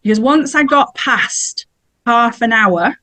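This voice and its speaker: A woman's voice: on the high side, animated, takes it slowly, sharp tone. A middle-aged woman, telling a personal story in a chatty way as a podcast guest and laughing now and then. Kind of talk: casual storytelling.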